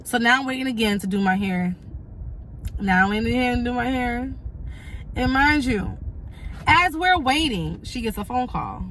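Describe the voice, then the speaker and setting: A young woman recounting a story to her viewers in an animated, repetitive way. She leans hard on emphatic asides. Her voice sits a little high, with a faint hiss behind it. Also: normal speed, long pauses. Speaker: vlogger. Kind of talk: storytime vlog.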